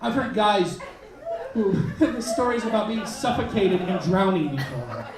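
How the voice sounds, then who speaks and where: A man doing a stand-up comedy set in a club, telling a crude story in an animated way and shouting his punchlines. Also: high-pitched, unhurried. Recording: roomy club sound, mic heard from a distance, crowd laughing. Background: audience laughter.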